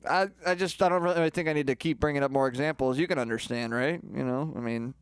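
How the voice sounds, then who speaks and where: A boastful man rambles through a comedic singing lesson as a self-styled rock star, crude and full of himself. His voice sits a little high and sounds smooth and resonant, recorded close and dry. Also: normal speed, dry recording.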